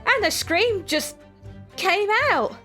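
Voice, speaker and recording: A cheeky young pickpocket girl with a British accent chatters in a high, sing-song voice, as a woman plays her in a game let's-play. Her throat sounds a little hoarse. Faint music runs underneath. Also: lively intonation, slow pace, fairly bright tone, full character voice. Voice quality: cockney-style slang, rough and cheeky. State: hoarse, voice going.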